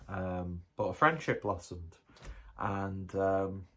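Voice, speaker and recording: A man's voice: low voice, steady tone, slow, pushed and bright, slightly rough. A man reviewing a beer in a casual vlog, rambling and joking at his own expense. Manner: rambling, jokey, self-mocking.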